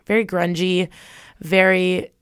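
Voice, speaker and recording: Young woman radio host with a smooth voice. Casual, rambling music chat, close and dry. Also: fairly low pitch, flat delivery, takes it slowly, no room sound. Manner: rambling, many fillers and restarts.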